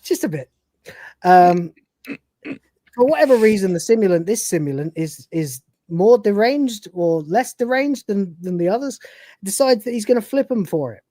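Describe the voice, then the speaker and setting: A woman's voice: mid-range voice, animated, moderate pace, warm tone, no echo. A woman co-hosting a live stream, giving a rambling, profane, casual recap of a TV episode and acting out its scenes. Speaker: podcast co-host.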